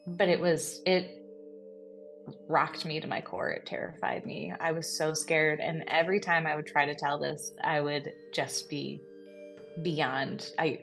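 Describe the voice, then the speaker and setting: A woman co-hosting a podcast, retelling a frightening personal experience in a lively, breathless way, full of fillers and laughs. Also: sits low, a little slow, vocal fry, soft background music. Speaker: podcast co-host. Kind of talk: casual storytelling.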